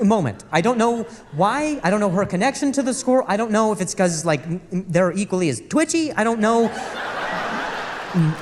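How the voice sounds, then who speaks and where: Animated male stand-up comic on stage. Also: sits high, long reverb tail. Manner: animated storytelling with stutters and acted-out quotes. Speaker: stand-up comedian. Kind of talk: stand-up comedy set. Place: comedy club stage with a laughing audience. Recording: live club audio with audience noise.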